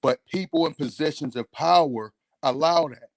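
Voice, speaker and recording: A man's voice: fairly high pitch, normal speed, gravelly, no echo. A man calling in to a talk show, ranting in a heated, emphatic and profane way. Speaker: caller. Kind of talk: call-in radio rant.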